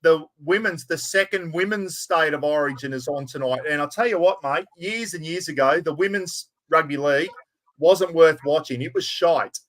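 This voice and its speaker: A man's voice: on the high side, moderate pace, a bit bright. A man with an Australian accent hosting a casual chat, blokey and talkative, calling everyone mate. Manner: chatty, blokey, calls people mate. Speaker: podcast host.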